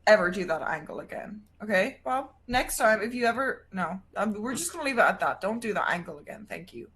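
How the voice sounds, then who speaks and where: A woman's voice: medium pitch, very animated, a little fast, a bit bright. A woman, chatting as a guest on a livestream in a blunt, teasing way and swearing freely. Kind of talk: casual chat on a livestream.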